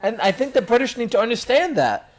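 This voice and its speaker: A man's voice: very high-pitched, sing-song, a little fast. A young man hosting a casual podcast chat, rambling with restarts as he talks history. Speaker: podcast host.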